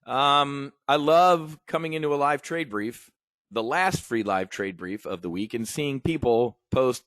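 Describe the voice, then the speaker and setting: A man hosting a live options trading brief, talking in an energetic, rambling, conversational way with emphatic asides. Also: medium pitch, unhurried, no room sound, studio quality. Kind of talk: livestream trade brief.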